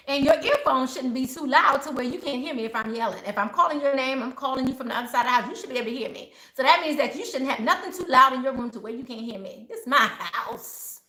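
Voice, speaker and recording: A middle-aged woman who works as a spiritual advisor talks casually and animatedly to her viewers in a high voice, acting out the voices of people she quotes. The recording has a roomy echo and slight background noise.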